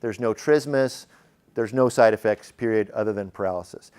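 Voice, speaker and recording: A man's voice: lowish voice, normal speed, a little mellow, smooth. A man teaching a class on emergency medicine, lecturing in a conversational way, asking the room questions and using frequent fillers.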